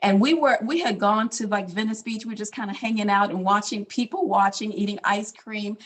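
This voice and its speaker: A woman's voice: mid-range voice, brisk. A middle-aged woman speaks in an ordinary mid-range voice, telling a personal story loosely and casually. She fills her talk with little asides and restarts, speaking as a doctor addressing a community audience. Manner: casual storytelling, many fillers. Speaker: physician speaker.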